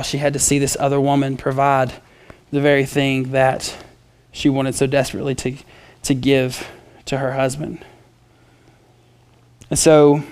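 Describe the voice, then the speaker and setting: A male preacher with a mid-pitched voice, working through a scripture passage in a relaxed, chatty way. He breaks up the readings with playful asides and plenty of fillers and restarts. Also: clear, resonant tone. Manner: casual, conversational, with frequent fillers and playful asides. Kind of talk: expository sermon.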